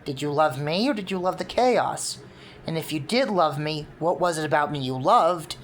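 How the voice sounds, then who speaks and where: A woman's voice: low-pitched, animated, normal speed, a little hiss or hum, voice pushed down. A woman voicing a male chaos spirit who speaks firmly and earnestly.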